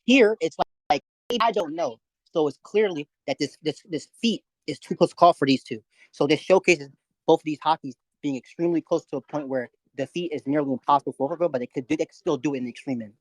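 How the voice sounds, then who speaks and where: A man's voice: a little high, fast, dry recording, low-quality recording. Insistent young man, dry close sound. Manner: insistent, lecturing, repeats himself. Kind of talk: heated online debate.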